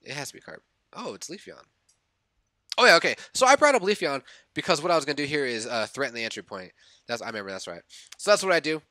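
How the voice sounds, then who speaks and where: Excitable young man narrating his game. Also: mid-range voice, quick pace, no echo, studio quality. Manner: excitable, reliving his own reactions; thinks aloud, corrects himself. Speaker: gaming YouTuber. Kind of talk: casual game commentary voice-over.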